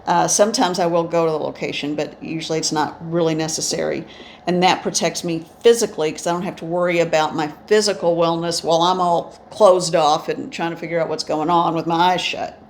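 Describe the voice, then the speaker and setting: Indoors and frequently talking with her eyes closed, a woman medium tells of her experiences as instructional stories. Her low voice is steady and a little fast, and she rambles reflectively, restarting often, with slight background noise.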